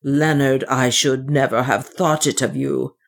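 A reader voicing a pompous, condescending older clergyman who speaks slowly and sanctimoniously in an audiobook. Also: medium pitch, steady tone, creaky. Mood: indignant. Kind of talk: audiobook reading.

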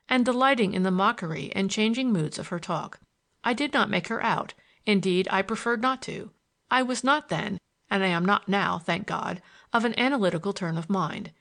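A woman narrating an audiobook in a measured, expressive storytelling manner. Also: medium pitch, vocal fry. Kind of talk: scripted narration.

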